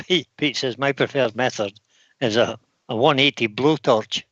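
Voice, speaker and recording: A man's voice: mid-range voice, a little slow, fairly bright tone, no echo, dull audio. A man co-hosting a live stream, joking and reading out viewer comments. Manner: jokey, reads out viewer comments. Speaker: co-host reading chat. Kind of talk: casual live-stream banter.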